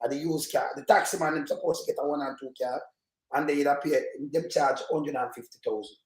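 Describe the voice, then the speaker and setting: Animated Jamaican man in an echoey room. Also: a little high, fast. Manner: animated, interjecting, speaks Patois. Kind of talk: casual chat.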